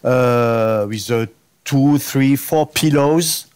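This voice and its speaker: A man's voice: mid-range voice, drawn-out words, a little mellow, clean tone. A man with a French accent telling a comic anecdote in broken English, laughing through his own punchlines as a guest impressionist.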